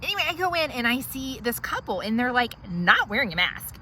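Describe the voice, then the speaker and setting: A woman's voice: a little high, big pitch swings, fairly quick, bright, forceful tone, slight background noise, low-quality recording. A woman playing an entitled, self-righteous woman who rambles indignantly through her complaints in a comedy sketch. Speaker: comedic character monologue. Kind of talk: comedy sketch monologue to camera.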